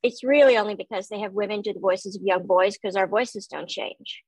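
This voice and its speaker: Woman, middle-aged, nasal youthful voice, lively self-deprecating storyteller, dry close recording. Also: mid-range voice, brisk, slightly rough, dry recording, poor audio. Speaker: voice actor guest. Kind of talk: casual interview chat.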